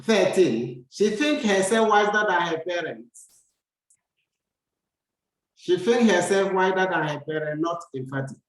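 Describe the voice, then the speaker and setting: A male teacher giving a grammar lesson, reading example sentences slowly and repeating them for learners. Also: high-pitched, lively intonation. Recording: echoey room.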